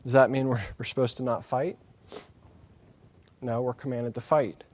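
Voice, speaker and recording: A man preaches a sermon in a mid-range, slightly mellow voice, his delivery flat and his pace moderate. He is earnest and candid, hammering his points home through repeated phrases and tossing in self-deprecating asides.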